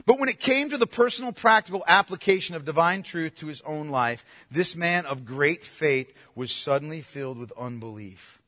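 A man's voice: on the high side, bright, forceful tone. A man preaching a sermon to a congregation, emphatic and full of rhetorical questions. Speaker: pastor. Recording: long hall reverb.

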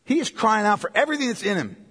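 A male pastor preaching a sermon with passion, going from loud cries to hushed tones. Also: sits high, sing-song, rapid-fire, slightly rough. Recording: long reverb of a large hall.

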